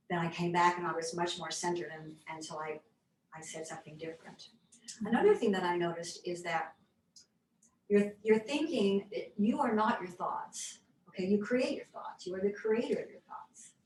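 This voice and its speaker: A woman talks in a reflective, unhurried way, pausing and restarting as she thinks, her voice sometimes sinking to a soft near-whisper. She is picked up from a distance in a roomy, echoing space with a faint hiss underneath. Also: fairly low pitch. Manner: thoughtful, halting, drops to soft near-whispers. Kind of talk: reflective conversational sharing. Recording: echoey room, mic at a distance, faint noise.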